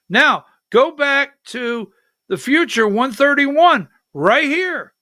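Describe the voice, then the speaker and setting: An older political talk show host with a very high, bright, forceful voice runs a livestream in a chatty, rambling way, jumping topics and calling instructions to his producer mid-show. The studio-quality audio has no room sound.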